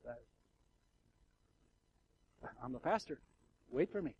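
A man preaching a sermon as the pastor of a church, swinging from hushed, intimate passages to loud, fervent ones, with ironic asides. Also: medium pitch, expressive, slow pace, breathy edge, muffled recording. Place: church sanctuary.

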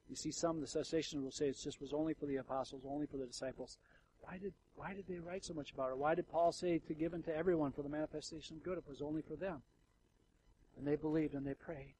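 A man preaching a sermon as the pastor of a church, swinging from hushed, intimate passages to loud, fervent ones, with ironic asides. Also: a little high, steady tone, fast talker, a little hiss or hum, poor audio. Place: church sanctuary.

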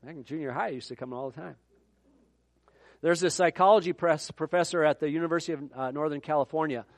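A man's voice: on the high side, fast talker, no room sound. A middle-aged man preaching a sermon in a conversational way, with joking asides. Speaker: pastor.

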